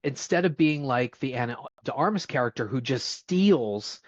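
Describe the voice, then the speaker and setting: Man, podcast co-host, casual film chat, animated and profane, dry dull sound. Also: medium pitch, normal speed, dry recording. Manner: animated, swearing, laughing often.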